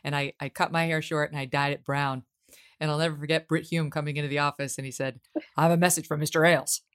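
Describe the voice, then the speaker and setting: A woman's voice: sits low, little pitch movement, quick pace, smooth, no room sound, clean studio sound. A woman hosting an interview podcast, making sarcastic asides and sharing her own stories. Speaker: podcast host. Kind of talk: casual interview.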